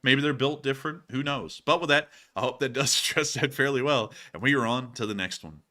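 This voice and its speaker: A young man in his twenties hosting a casual live stream, joking and animated as he answers viewer questions. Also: medium pitch, a little fast. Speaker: host.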